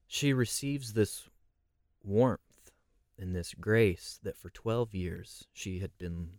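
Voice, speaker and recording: A man's voice: fairly low pitch, takes it slowly, a little mellow, no room sound, clean studio sound. A man leading a conversational Bible study, reflective and posing rhetorical questions.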